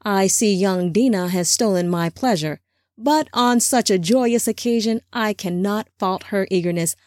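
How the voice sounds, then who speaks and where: A woman's voice: medium pitch, measured pace, darkish tone, no echo, clean studio sound, lightly acted. A woman voicing a silver-haired old patriarch who speaks in a stately, gracious way. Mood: beaming.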